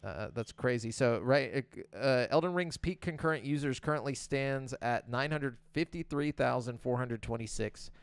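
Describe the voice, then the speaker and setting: A man co-hosting a podcast, reading gaming news items in a relaxed way with fillers and frequent laughs. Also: medium pitch, moderate pace, hardly any pauses, clear, resonant tone, dry recording. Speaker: podcast co-host. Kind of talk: casual chat, reading game news.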